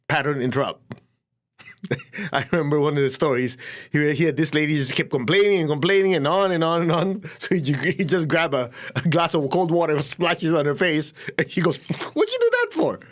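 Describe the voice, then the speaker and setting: Animated man telling stories in a lecture. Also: fairly high pitch. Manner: animated storytelling, acts out quoted voices, laughs often. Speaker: spiritual teacher. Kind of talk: lecture to an audience.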